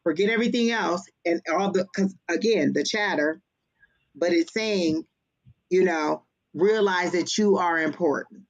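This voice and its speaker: A woman's voice: fairly low pitch, unhurried, muffled recording. A woman giving a tarot and psychic reading on a livestream, speaking in an earnest, reassuring way. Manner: earnest, reassuring, repetitive affirmations.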